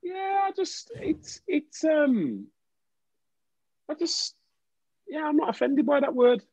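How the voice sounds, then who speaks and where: This man speaks slowly in a very high-pitched voice, chatting casually with lots of energy, frequent restarts and plenty of jokes. There's no room sound, and the audio comes across as dull, dry and lo-fi.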